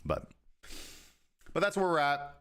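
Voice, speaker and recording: A man who hosts a livestream and talks through crypto markets in an informal, explaining way. He often acts out traders' thoughts in quick asides. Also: fairly high pitch, huge pitch swings, sharp tone, clean tone. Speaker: crypto market analyst, host. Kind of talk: casual livestream market commentary.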